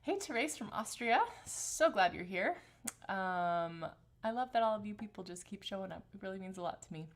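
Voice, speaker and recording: Gentle woman coaching a voice warm-up. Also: mid-range voice, lively intonation, normal speed. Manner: gentle, encouraging coaching that greets viewers by name; demonstrates hums and sung sounds between instructions. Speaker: voice teacher. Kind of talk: live-streamed vocal warm-up class.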